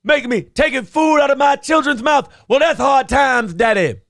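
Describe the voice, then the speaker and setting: A man's voice: extremely high pitch, moderate pace, a bit bright, dry recording, studio quality, pitched above the performer's own voice. A man doing an impression of a brash older male wrestler, ranting in a folksy drawl and calling everyone daddy.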